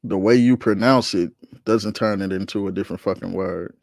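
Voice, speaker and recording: A man's voice: lowish voice, a little fast, vocal fry, darkish tone, dry recording, clean studio sound. A man hosting a livestream, arguing with his chat in a heated, profane, slangy rant. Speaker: streamer host reacting to chat.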